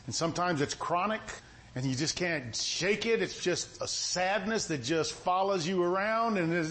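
Folksy preacher with a high voice. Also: male voice. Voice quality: sounds stern even when not angry. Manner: conversational, folksy preaching with repetitions. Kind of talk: sermon.

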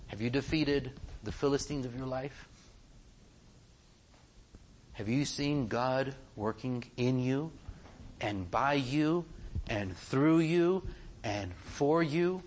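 A man's voice: medium pitch, takes it slowly, a little hiss or hum. A man preaching a sermon, asking his listeners question after question. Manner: animated, asks the congregation many questions.

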